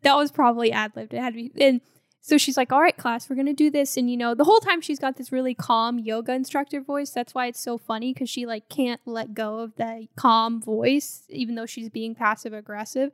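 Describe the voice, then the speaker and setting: A woman's voice: on the high side, steady tone, a little fast, dry recording, clean studio sound. A woman co-hosting a podcast, casually chatting about a film, laughing often and acting out quotes. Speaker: podcast co-host.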